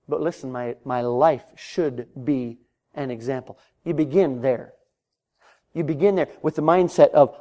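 This sermon comes from a man who tells it like a story, playing out conversations at the door, his voice rising loud and high in animated moments. He keeps a measured pace.

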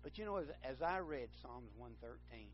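A man's voice: medium pitch, animated, moderate pace, dull audio, faint music behind. A man preaching a sermon, rambling and correcting himself, then building to fervent emphasis.

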